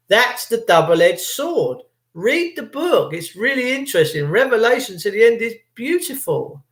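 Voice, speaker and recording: A man's voice: sits high, sing-song, moderate pace, reverberant. An older man hosting a livestream, talking in an impassioned, rambling and preachy way, sometimes tripping over words. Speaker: livestream host.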